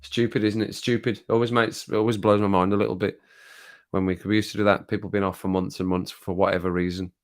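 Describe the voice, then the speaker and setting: A man's voice: lowish voice, flat delivery, quick pace. Chatty man hosting a live stream. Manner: chatty, reads viewer comments aloud and laughs often. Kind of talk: casual live-stream chat.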